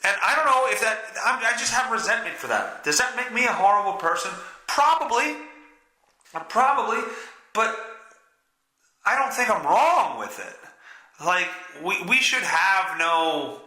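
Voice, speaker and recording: Animated, stuffy-nosed man ranting on a podcast. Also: sits high, normal speed, roomy sound, low-quality recording. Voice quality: stuffy nose. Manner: rambling, profane, self-mocking. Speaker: podcast host. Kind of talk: solo podcast rant.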